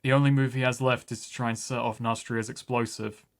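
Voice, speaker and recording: A man's voice: medium pitch, little pitch movement, a little fast. A man taking part as a player in a tabletop role-playing game, chatting casually and correcting himself as he goes. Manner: stumbles over names, self-correcting.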